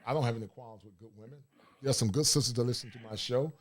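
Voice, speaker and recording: A man's voice: medium pitch, fast talker. A man hosting a casual livestream, talking bluntly in a preachy, streetwise way. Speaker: livestream host.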